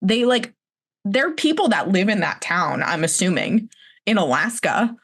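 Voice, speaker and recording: A young woman co-hosting a podcast, chatting casually, rambling and swearing freely with animated asides. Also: mid-range voice, normal speed, slightly rough. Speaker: podcast co-host. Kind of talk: casual chat.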